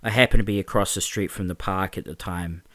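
Low-voiced man narrating a story. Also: steady tone, a little fast, a bit bright, no room sound. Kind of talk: first-person story narration.

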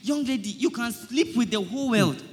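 A man's voice: very high-pitched, expressive, normal speed, in a large hall, soft background music. A man, preaching to his friends in a comedy skit, pleading, stammering over his words and quoting scripture. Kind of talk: comic street-style preaching.

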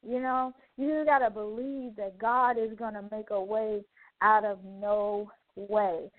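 A woman radio host shares a personal testimony in casual, heartfelt talk, sprinkling in plenty of "you know" asides. Her voice is medium in pitch with fairly even intonation and a slightly slow pace. The recording is dry, without echo, and has a narrow, phone-like quality.

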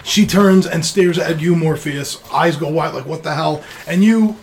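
A man running a tabletop game as dungeon master, narrating in a relaxed, conversational way with restarts. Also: on the high side, unhurried, slight background noise.

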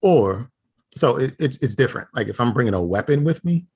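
A man's voice: medium pitch, expressive, fairly quick, darkish tone, breathy edge. A man co-hosting a casual podcast chat over a video call, making wry jokes. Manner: wry, joking commentary. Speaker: podcast co-host.

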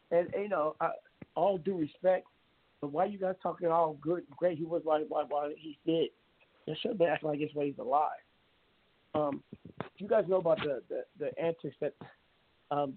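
A man's voice: fairly high pitch, steady tone, moderate pace, a little hiss or hum. A man hosting an internet radio talk show, speaking in a blunt, meandering monologue full of restarts and fillers. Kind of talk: rambling monologue. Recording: narrow phone-like sound.

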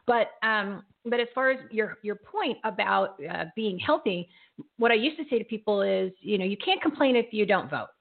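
A woman hosting a casual live interview, bubbly and laughing often, sometimes losing her train of thought. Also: medium pitch. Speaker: host. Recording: tinny phone-like line.

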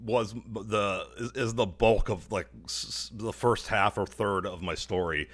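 A man's voice: lowish voice, unhurried. A young man co-hosting a podcast, telling a story casually and profanely and acting out the other people's lines. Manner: profane, animated, acts out dialogue in voices. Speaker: podcast co-host.

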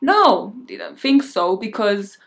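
A woman's voice: medium pitch, big pitch swings, takes it slowly, fairly bright tone, heavily acted. A woman voicing a cold, vengeful young woman who speaks in a cutting, sarcastic way.

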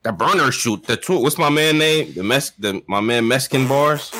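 A man's voice: mid-range voice, moderate pace, noisy background. A man co-hosting a casual podcast chat, laid-back and blunt, drawling through slang-heavy talk. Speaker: podcast co-host.

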